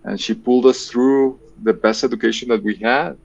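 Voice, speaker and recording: A man's voice: mid-range voice, fairly even intonation, normal speed, vocal fry, darkish tone, lo-fi sound. A man in his fifties with a Colombian Spanish accent, answering interview questions hesitantly and repeating words as he thinks. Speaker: guest, engineering professor.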